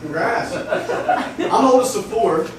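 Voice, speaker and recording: A man's voice: sits high, animated, slow pace, noisy background. A man performing stand-up, asking the crowd questions and laughing at his own lines. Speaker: stand-up comedian. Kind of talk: stand-up set recording. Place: comedy club stage. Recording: echoey club from far off.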